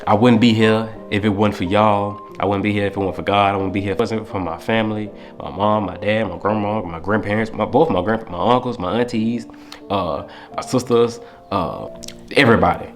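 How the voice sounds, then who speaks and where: A man's voice: on the low side, fairly even intonation, fairly quick, faint music behind. Emotional young man talking to camera. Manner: heartfelt, rambling, emotional. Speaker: vlogger. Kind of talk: casual talk to camera.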